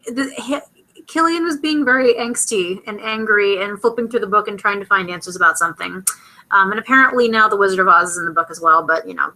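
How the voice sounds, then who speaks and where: Bright, chatty young woman vlogger. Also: fairly high pitch, low-quality recording. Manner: chatty, rambling, acts out characters' lines in quick asides. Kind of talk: casual TV episode recap.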